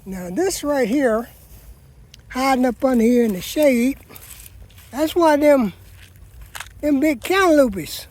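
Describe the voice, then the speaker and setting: A man's voice: very high voice, lively intonation, takes it slowly, pauses often, a little mellow. A man chatting folksily to viewers as he walks his vegetable garden, often calling them "people.". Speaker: gardening vlogger. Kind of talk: casual garden walkabout vlog.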